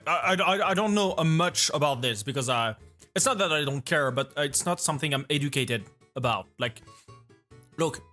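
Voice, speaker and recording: A man's voice: mid-range voice, a bit bright. A man with a French accent, a native French speaker, giving casual reaction commentary while stammering and repeating words. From France. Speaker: streamer reacting to a video.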